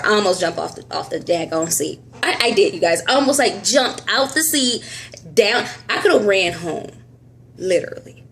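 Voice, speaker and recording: A woman's voice: medium pitch, expressive, normal speed, creaky, fairly bright tone. A woman vlogging a casual update into a phone held close, telling a story animatedly, acting out dialogue and laughing often. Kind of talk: casual health update vlog. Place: at home.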